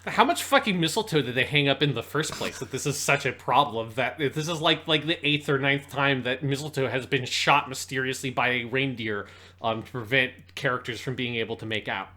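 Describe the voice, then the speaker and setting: A man's voice: medium pitch, fairly quick, sharp tone. A man co-hosting a comedy podcast, reading a fan story aloud and breaking off into exasperated, swearing rants. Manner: exasperated, swears freely while ranting. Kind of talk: comedic dramatic reading with commentary.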